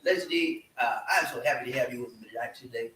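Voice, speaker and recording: Broadcasting a casual live chat from a room at home, a show host with a medium-pitched voice talks fast, bright and forceful as he pumps up his viewers. The audio is echoey, his voice coming from far off with faint noise behind it.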